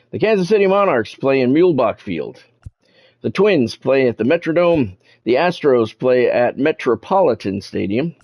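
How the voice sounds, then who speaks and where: A man's voice: medium pitch, highs cut off. A man casually commentating his baseball video game on a live stream, chatting with viewers by name and swearing when annoyed. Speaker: gaming streamer.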